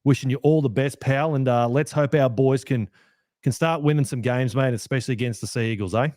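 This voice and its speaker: A man's voice: mid-range voice, brisk, a little mellow, dry recording, clean studio sound. An Australian man hosting a podcast, chatting in a friendly way and calling his guest mate and pal. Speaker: podcast host. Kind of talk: casual chat.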